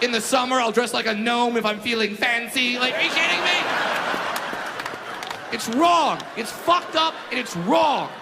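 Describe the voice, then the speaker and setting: A man doing a stand-up comedy routine live, ranting loudly and often breaking into shouts. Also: sits high, animated, moderate pace, creaky. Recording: echoey hall with crowd noise.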